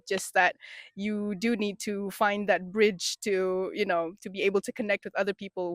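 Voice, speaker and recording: A young woman, co-hosting a casual campus chat, relaxed and quick to laugh. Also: mid-range voice, dry recording, clean studio sound. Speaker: podcast co-host, university student.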